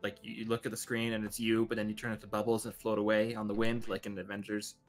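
A man's voice: fairly low pitch, monotone, fast, soft background music. A man co-hosting a game stream, rambling anxiously and joking at his own expense. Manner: anxious, rambling, self-deprecating. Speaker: stream co-host. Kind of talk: casual live-stream chat.

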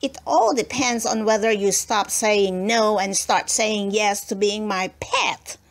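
A woman's voice: mid-range voice, slow pace, gravelly. A woman reading aloud and voicing a bossy, boastful spoiled little girl with a snippy, whiny manner.

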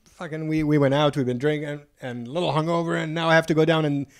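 A man with a slightly high voice tells a travel story on a podcast, casual and animated. He swears freely and slips into the voices of people he met as he acts out their lines. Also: fast, clear, resonant tone. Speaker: podcast guest.

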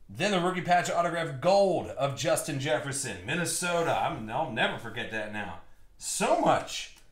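A young man hosting a live trading card break, excitedly calling out cards and buyers in slangy chat. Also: on the high side. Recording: roomy echo.

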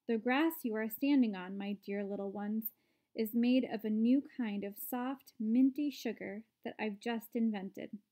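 A woman voicing an eccentric, excitable male chocolate maker who is enthusiastic and showy. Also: on the high side, measured pace, close to an everyday voice.

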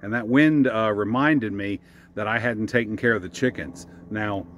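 A man's voice: fairly low pitch, normal speed, fairly bright tone, slight background noise. A man from the Mid-Atlantic US, walking around a backyard chicken coop while vlogging casually, a bit out of breath, with lots of fillers and restarts. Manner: rambling, with many fillers and restarts. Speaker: homesteading vlogger.

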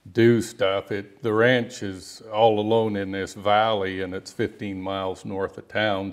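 A middle-aged man, a rancher and outfitter, telling stories in an interview in a halting, rambling way with many restarts. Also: low-pitched, gravelly. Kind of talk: storytelling interview guest.

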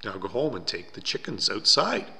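A man voicing a calm, wise minister who gives measured advice. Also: mid-range voice, in a large hall.

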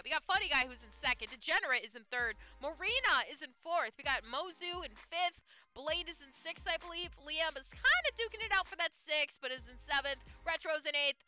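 Giggly streamer girl, high and really bright, lively swoopy voice, bit of game music behind. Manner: giggly, teasing, talks back to chat. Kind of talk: casual live-stream chat.

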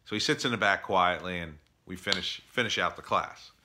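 A middle-aged man telling a story in a casual opinion monologue, animated, acting out others in exasperated bursts. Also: deep voice, brisk, background noise.

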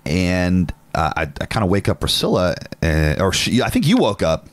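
A young adult man from Northern California co-hosting a podcast, telling a story in an animated, casual way and swearing freely. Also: sits low, normal speed, no echo. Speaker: podcast co-host. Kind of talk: casual chat.

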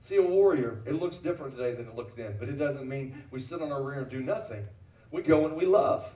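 A middle-aged pastor preaches a sermon in a church sanctuary, his medium-pitched voice warm, animated and brisk. He speaks emphatically, repeats phrases and puts questions to the congregation. The audio is roomy and picked up from a distance.

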